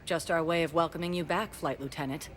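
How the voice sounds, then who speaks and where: A man's voice: a little high, steady tone, fast, lightly acted. An actor voicing a formal, courteous male docking control officer, heard from game audio. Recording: game audio with faint noise.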